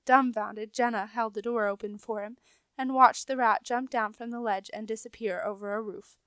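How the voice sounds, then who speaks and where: A woman narrating a children's book chapter in a calm, even reading voice. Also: a little high, normal speed, clean tone, no echo. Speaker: audiobook reader. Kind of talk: storybook narration.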